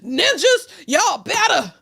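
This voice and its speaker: A shrill, furious woman yelling at men that they aren't real men, her voice pitched high and cutting. A woman puts her on mid-rant. She sounds loud and tense and never lets up. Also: sing-song, slow pace, vocal fry, exaggerated voice. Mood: scolding. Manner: loud, scolding, laughing.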